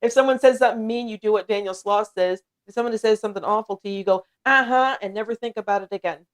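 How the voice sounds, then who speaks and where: A woman's voice: mid-range voice, steady tone, racing, darkish tone. A woman from the United States hosting a casual livestream chat, talking freely, laughing often and reading viewers' comments aloud. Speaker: livestream host.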